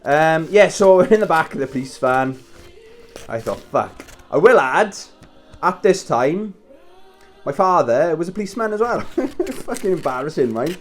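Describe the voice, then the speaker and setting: A man's voice: on the high side, sing-song, measured pace. A man in his thirties casually telling a story while wrapping presents, swearing and chuckling as he talks. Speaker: vlogger. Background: Christmas music playing faintly.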